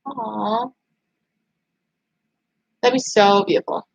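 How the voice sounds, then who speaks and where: A young woman hosting a casual livestream, chatting in an excited, emphatic way as she reads viewer comments. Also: on the high side, low-quality recording. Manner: excited, emphatic, gushing fan talk. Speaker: livestream host.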